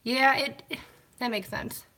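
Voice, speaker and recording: A woman chats casually on a live stream from home, greeting viewers by name and answering their comments. Her voice is bright and a little sharp. She keeps talking as she washes glasses by hand. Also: fairly high pitch, steady tone, takes it slowly. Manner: talks while washing glasses by hand. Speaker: vlogger hosting a live stream.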